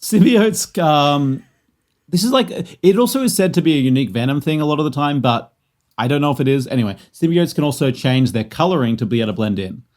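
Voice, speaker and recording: A man's voice: fairly high pitch, animated, a little fast, darkish tone. A man hosting a casual podcast, explaining lore in a rambling way with many fillers and restarts. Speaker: podcast host presenting the lore. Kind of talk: casual chat.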